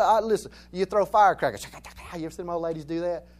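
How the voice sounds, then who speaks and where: A man's voice: high-pitched, fast, darkish tone. A man from Alabama with a Southern accent, preaching a conversational sermon in a folksy, joking way and repeating phrases for emphasis. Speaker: pastor.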